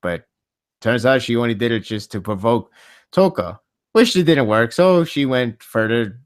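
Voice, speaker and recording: A man hosting a casual podcast chat, rambling and animated, laughing often. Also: medium pitch, normal speed, dry recording, clean studio sound. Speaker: podcast host.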